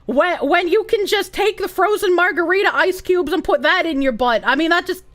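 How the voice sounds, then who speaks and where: A woman's voice: very high voice, normal speed, a bit bright. A woman streamer reacting to a clip in casual chat, giggling and swearing freely. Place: room with echo dampeners.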